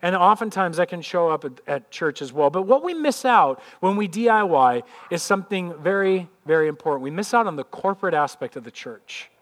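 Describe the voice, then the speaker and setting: A man's voice: high voice, lively intonation, fairly quick, few pauses, fairly bright tone. A middle-aged man preaching a sermon, conversational and full of rhetorical questions and calls of amen. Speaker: pastor.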